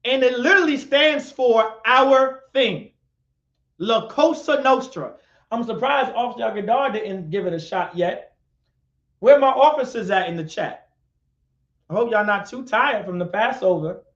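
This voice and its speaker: Speaking in a high, animated, slightly bright voice, the same kind of instructor keeps a measured pace and pauses often during his live-streamed class. He goes over points repeatedly and puts questions to students, calling on them by turn. Sound quality is lo-fi, dull, and echoey.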